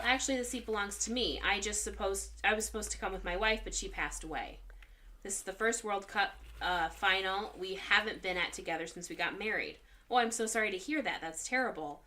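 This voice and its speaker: A woman co-hosting a casual chat podcast, reading jokes aloud one by one. She reads in a measured, deliberate way, and her voice is bright and forward. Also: mid-range voice. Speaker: podcast co-host.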